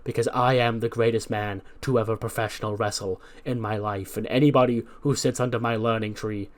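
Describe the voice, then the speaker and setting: A man's voice: lowish voice, steady tone, brisk, lightly acted. A man doing a brash, boastful wrestler. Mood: cocky. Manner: loud, cocky bragging.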